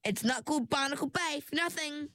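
A woman voicing a calm, self-assured young mermaid who speaks in a composed, cool manner in a storybook reading. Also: mid-range voice, normal speed, dry recording, clean studio sound.

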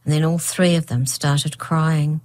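Low-voiced woman reading a storybook. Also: fairly even intonation, a little slow, darkish tone. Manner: reads with voiced characters. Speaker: audiobook narrator. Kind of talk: storybook narration.

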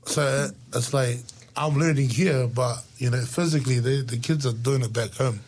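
A man's voice: normal speed, slight background noise. A man, casually telling stories as a guest and laughing often. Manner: lively, laughs often, jumps into high voices for quoted lines. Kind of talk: casual storytelling chat.

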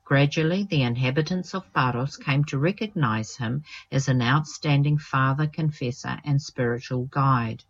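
Narrator, reverent, measured reading, middle pitch, muffled lo-fi recording. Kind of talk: reading a saint's life aloud.

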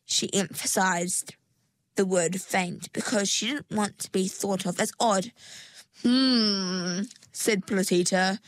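A woman narrating a storybook in a measured, scripted reading. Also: medium pitch, steady tone, dry recording.

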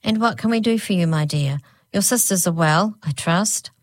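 A woman reading a gentle, soft-voiced queen and mother in a storybook. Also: on the low side, moderate pace, no room sound, close to an everyday voice.

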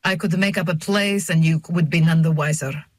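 A woman's voice: low voice, fairly even intonation, normal speed, dry recording. A woman reading an audiobook, voicing a guarded, terse, thin man who speaks in blunt, formal, sing-song English.

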